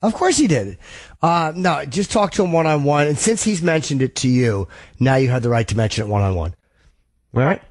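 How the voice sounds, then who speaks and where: A man hosting a call-in radio show who gives blunt, frank, profane advice and keeps clearing his throat. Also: fairly high pitch, expressive, a little fast, darkish tone, no room sound. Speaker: radio host.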